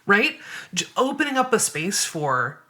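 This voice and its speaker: A woman's voice: mid-range voice, very animated, measured pace, sharp tone. A woman guest on a podcast interview, explaining her views thoughtfully and step by step. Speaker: guest writer and activist.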